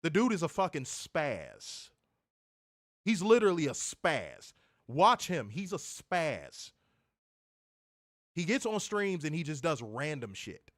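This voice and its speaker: A man's voice: a little high, big pitch swings, slow, a bit bright, dry recording, clean studio sound. A man co-hosting a wrestling review show, ranting in casual, profane talk and repeating words as he gets heated. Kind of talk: casual podcast rant.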